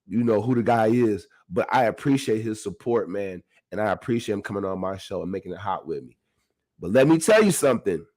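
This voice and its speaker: Man, podcast host, casual motivational talk, animated, frequent laughter, addresses listeners directly. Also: on the low side. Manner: animated, laughs often, talks straight to the audience.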